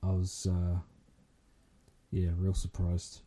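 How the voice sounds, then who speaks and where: A man's voice: deep voice, monotone, slow pace, mellow. A man in casual chat, hesitant and self-deprecating, with many fillers. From New Zealand.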